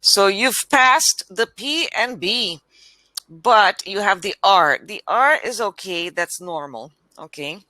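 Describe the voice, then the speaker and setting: A woman tutoring English on a video call, patient and encouraging, enunciating words slowly and carefully. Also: medium pitch, expressive, bright, forceful tone, no echo. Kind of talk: online one-on-one language lesson.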